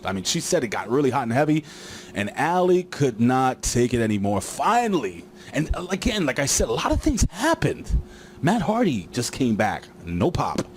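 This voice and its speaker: A man's voice: medium pitch, sing-song, moderate pace, slight background noise. A man casually recapping a wrestling show, rambling with lots of fillers and joking asides.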